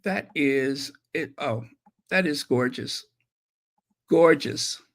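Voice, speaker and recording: A man's voice: medium pitch, slow, a bit bright. A man hosting a casual livestream, chatting and reacting to viewer messages with many fillers. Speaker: channel host.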